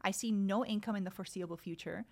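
Woman in her 30s chatting on a podcast, expressive, talks through her inner voice. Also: medium pitch, fast. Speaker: kindness coach and podcast guest. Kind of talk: casual interview storytelling.

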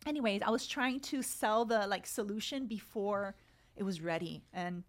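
A woman's voice: medium pitch, normal speed. A woman in her thirties, a podcast guest in casual conversation, telling stories animatedly and acting out quoted dialogue.

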